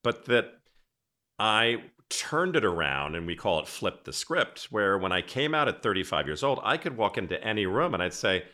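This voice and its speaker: A man's voice: on the low side, big pitch swings, fairly quick, pushed and bright. A man hosting a podcast interview, telling rambling stories in a casual, chatty way. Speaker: podcast host.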